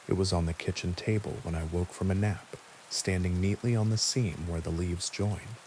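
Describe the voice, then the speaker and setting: A man calmly narrating a first-person horror story in a measured, quiet way. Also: low-pitched, a little hiss or hum, rough recording. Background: steady rain.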